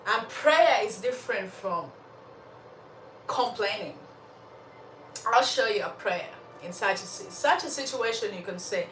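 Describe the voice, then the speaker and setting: Animated woman telling a faith story. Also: fairly high pitch, unhurried, echoey room, distant mic, a little hiss or hum, low-quality recording. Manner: animated, laughs often, talks straight to listeners. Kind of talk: faith-based storytelling with life lessons.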